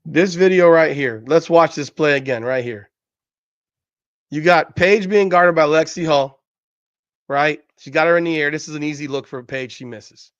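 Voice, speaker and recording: A man's voice: a little high, moderate pace, fairly bright tone, no echo, dull audio. Ranting profane man. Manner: ranting, profane, incredulous, repeats himself. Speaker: podcast host. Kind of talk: heated sports commentary over game footage.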